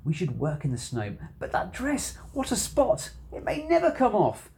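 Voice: mid-range voice, sing-song, slow, a little mellow. A storybook reader voicing a young girl who scolds and warns. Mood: worried.

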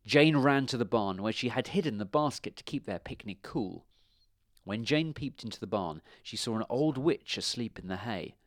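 A man reading a children's storybook aloud with expressive delivery. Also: mid-range voice, moderate pace, dry recording, clean studio sound.

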